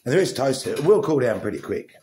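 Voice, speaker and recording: Man, mid-pitched, casual pet vlog, sing-song cooing at his dog, filmed on a phone at home, faint hiss. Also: sing-song, fast, mellow. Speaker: pet vlogger.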